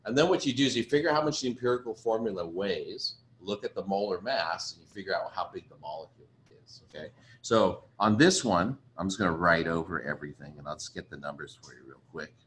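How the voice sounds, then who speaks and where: Male chemistry teacher, lowish voice, casual, chatty, thinks aloud. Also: fast, a bit bright, a little hiss or hum. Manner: chatty, apologetic, thinks aloud while writing. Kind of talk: casual recorded lecture.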